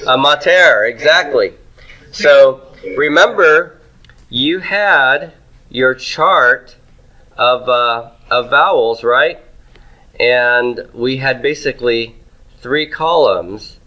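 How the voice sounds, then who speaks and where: A man's voice: medium pitch, takes it slowly, pushed and bright, rough recording. A man teaching Hebrew grammar in a classroom lecture, asking questions and answering them himself.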